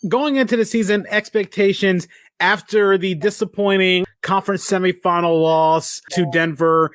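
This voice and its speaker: A man's voice: high voice, steady tone, normal speed, no echo, clean studio sound. A man hosting a podcast, asking questions in a conversational way. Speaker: podcast host. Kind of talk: casual podcast interview.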